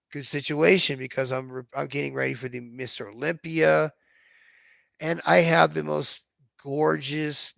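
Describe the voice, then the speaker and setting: With a high-ish, gravelly voice and no room sound, a vlogger delivers a casual monologue of stories from his life. He's blunt and profane, and he calls his own delivery robotic.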